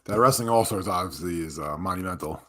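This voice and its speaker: A man's voice: low-pitched, quick pace, pushed and bright. A man co-hosting a live podcast in casual chat, joking and crude, often laughing. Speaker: podcast co-host.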